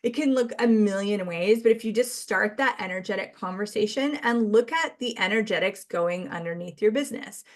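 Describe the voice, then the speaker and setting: Woman from Canada, podcast guest, chatty and animated in her retelling. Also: medium pitch, brisk, few pauses. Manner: chatty, acts out quoted dialogue, laughs often. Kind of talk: casual chat.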